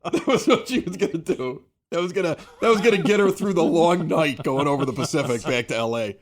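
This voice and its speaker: A man's voice: fairly high pitch, fairly quick. A man hosting a podcast, chatting casually at a basement home bar and telling rambling stories with plenty of laughs. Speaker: podcast host.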